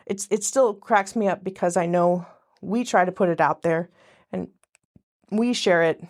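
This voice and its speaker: A woman with a lowish, darkish voice speaks at a measured pace as a guest in a casual podcast conversation. Her talk rambles, often breaking off and restarting mid-sentence as she interrupts herself.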